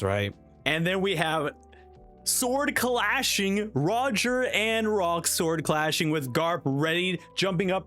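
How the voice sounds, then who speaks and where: A man hosting a casual manga reaction, excitedly talking through panels and quickly reading out lines. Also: fairly high pitch. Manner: excited, reads dialogue in quick voices.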